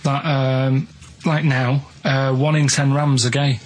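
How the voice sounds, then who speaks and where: A man on a radio show telling odd stories in a halting, deadpan way, full of restarts. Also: medium pitch. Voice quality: plain flat way of speaking, halting with many restarts. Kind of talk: rambling deadpan storytelling. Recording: noisy radio studio recording.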